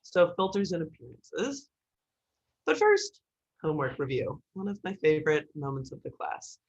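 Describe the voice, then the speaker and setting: A woman instructor giving an online writing class in a joking, lively way, over a video call. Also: sits low, moderate pace, husky, dull audio.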